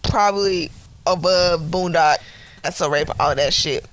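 A woman co-hosting a casual TV recap podcast, ranting heatedly with profanity in fast, emphatic bursts. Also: on the low side, poor audio. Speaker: podcast co-host.

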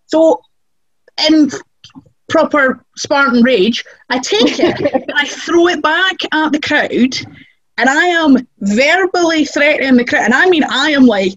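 A woman, a wrestler telling backstage stories in an animated chat and acting out the quotes. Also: unhurried, dry recording, lo-fi sound. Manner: lively, acts out quotes with big pitch jumps. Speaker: wrestler guest.

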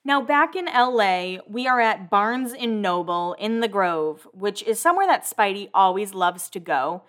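A woman's voice: medium pitch, measured pace, fairly bright tone. A woman hosting a casual recap of TV episodes, chatty and full of "like" fillers.

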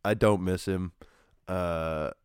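Man, very low voice, dry close sound, rambling sports chat, lots of fillers. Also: slow pace, smooth, no room sound. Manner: rambling, animated, many fillers and restarts. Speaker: podcast co-host.

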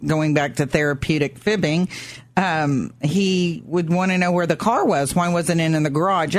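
A woman's voice: low-pitched, moderate pace, no echo. A woman hosting a radio talk show, chatty and chiming in as she tells family stories. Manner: chatty, chimes in, reads out phone numbers. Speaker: radio host, daughter.

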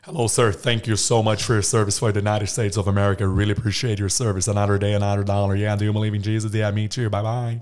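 A man's voice: on the low side, level tone, fast, darkish tone, a little hiss or hum, close to an everyday voice. A man putting on a South Carolina accent to play a chummy, over-polite Southern American man. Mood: folksy. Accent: South Carolina (put on).

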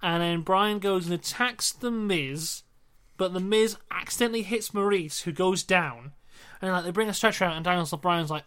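A man's voice: high-pitched, normal speed, a bit bright, clean tone. A young man co-hosting a podcast, casually recapping in a wry, rambling way. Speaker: podcast co-host. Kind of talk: casual chat reviewing wrestling.

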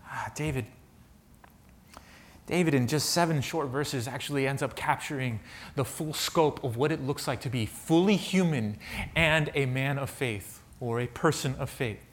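A man preaching a sermon, reading scripture aloud and moving between hushed reflection and fervent emphasis. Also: medium pitch, moderate pace, slight background noise. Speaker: pastor.

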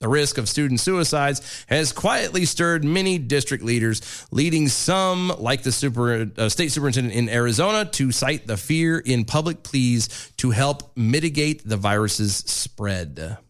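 A man's voice: medium pitch, animated, unhurried, few pauses. A man co-hosting a talk radio show, reading news items aloud with sarcastic asides. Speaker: radio co-host.

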